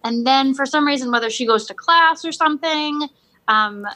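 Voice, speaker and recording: A woman's voice: high voice, moderate pace, pushed and bright. A woman co-hosting a podcast, talking casually about a novel in a hesitant, wry way. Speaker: podcast co-host. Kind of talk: casual book discussion.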